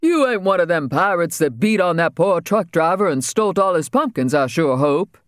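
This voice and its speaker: A man's voice: on the high side, animated, moderate pace, no echo, studio quality, voice pushed up, lightly acted. A man voicing a pompous, drunk male reverend who pleads in churchy exclamations. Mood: pleading.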